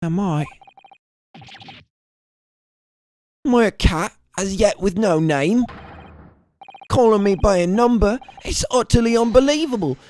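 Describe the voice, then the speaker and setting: A man's voice: sits high, animated, moderate pace, darkish tone, pitched above the performer's own voice. A man voicing an eccentric, melodramatic young male foreign student held as a prisoner, speaking in grand theatrical flourishes. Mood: indignant.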